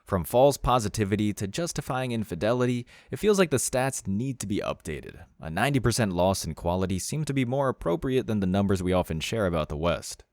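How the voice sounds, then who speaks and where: Brief: male host, low pitch, dry close sound, blunt scripted mocking commentary. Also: big pitch swings, brisk, few pauses, a little mellow, no echo.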